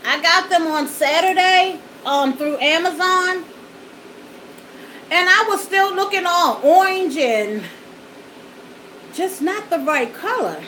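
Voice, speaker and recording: A woman's voice: extremely high pitch, sharp tone, a little hiss or hum, low-quality recording. A woman vlogger chatting folksily to her viewers while eating, at home in front of a backdrop and studio lights. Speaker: mukbang vlogger.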